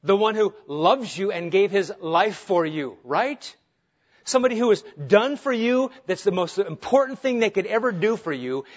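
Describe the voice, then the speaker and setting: A male pastor preaching an earnest, emphatic sermon, asking his listeners rhetorical questions. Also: sits high. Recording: dull lo-fi sound.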